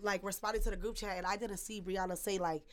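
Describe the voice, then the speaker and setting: A woman co-hosting a podcast in casual chat, defending herself with quick interjections. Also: medium pitch, steady tone, fairly bright tone. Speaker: podcast co-host.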